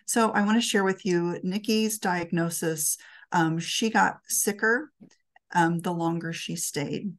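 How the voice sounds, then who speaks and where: A woman's voice: lowish voice, unhurried. A woman speaking at a talk, telling an earnest, emotional story from her work in long-term care.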